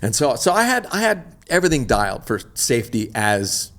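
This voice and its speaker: A middle-aged man, an extreme athlete guest, telling a story in an animated, slangy, laid-back way. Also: medium pitch, a little fast. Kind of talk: casual storytelling interview.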